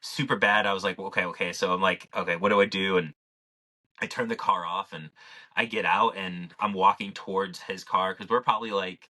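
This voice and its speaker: A podcast co-host with a low, steady voice speaks fairly quickly, his tone bright and forceful. He tells a story in a loose, rambling way, full of "like" and casual swearing.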